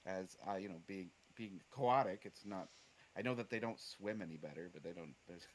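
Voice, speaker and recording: A man playing a tabletop game, talking haltingly and joking about himself. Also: low-pitched. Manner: halting, self-deprecating, lots of restarts. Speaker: player. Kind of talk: casual tabletop game chat.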